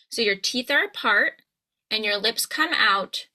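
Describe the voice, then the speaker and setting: An American woman giving a pronunciation lesson as a coach, slowing down to model each sound. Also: medium pitch, animated, pushed and bright. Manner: slow drawn-out modelling of sounds. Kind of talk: scripted pronunciation lesson to camera.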